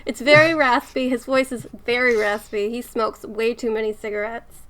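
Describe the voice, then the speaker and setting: A woman co-hosting a casual podcast, with a bright, sharp tone that sits a bit high. She giggles and laughs often and sounds shy and self-conscious. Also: steady tone, normal speed. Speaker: podcast co-host.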